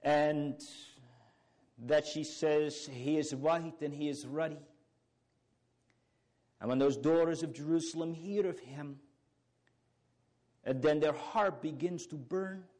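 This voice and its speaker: A man's voice: on the high side, slow pace, pauses often, a little mellow. A man preaching a sermon, earnest and fervent, with old biblical phrasing and rising exclamations.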